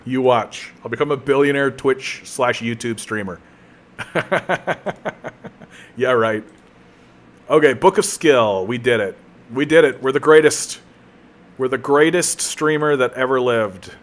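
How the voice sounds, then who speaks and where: A man's voice: mid-range voice, normal speed. A man chatting casually while he streams a game, rambling and joking at his own expense with plenty of restarts. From Canada. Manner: rambling, joking, self-mocking, many restarts.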